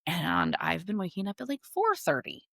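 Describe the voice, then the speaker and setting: A woman's voice: lowish voice, sing-song, normal speed, gravelly, a bit bright, no room sound, clean studio sound. Chatty woman podcast host. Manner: chatty, laughs easily, open about her family life. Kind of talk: casual podcast chat.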